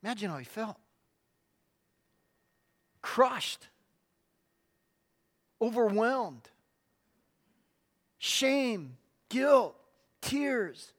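A middle-aged male pastor with a notably high voice, preaching a sermon. He tells his stories dramatically, leaning on emphatic pauses and short punchy words. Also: very animated.

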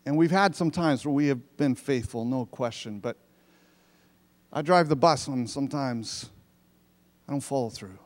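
A man's voice: mid-range voice, normal speed, long pauses. A man preaching a sermon in a church sanctuary, reading verses and explaining them in a conversational way. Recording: long reverb of a church hall.

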